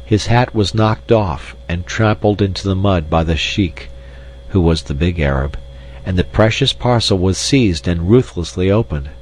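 Very deep-voiced male storybook reader. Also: moderate pace, a little hiss or hum, poor audio. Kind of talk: audiobook narration.

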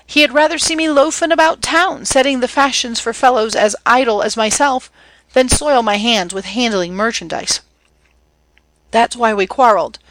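A woman's voice: fairly high pitch, moderate pace, a bit bright, low-quality recording. A woman reading as Arthur, a breezy brother. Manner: breezy, slangy, earnest. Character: young man, teasing, protective older brother.

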